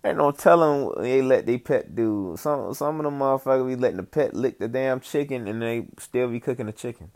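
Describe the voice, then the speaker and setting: A man's voice: medium pitch, fairly quick, hardly any pauses, a little mellow. A man telling a rambling, profane, comedic story in casual chat, full of fillers and asides.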